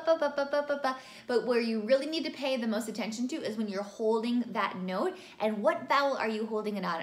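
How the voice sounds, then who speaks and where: A woman teaching a singing lesson, explaining vowels clearly and demonstrating them by singing. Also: fairly high pitch. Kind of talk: vocal lesson with sung examples. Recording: roomy sound with faint music behind.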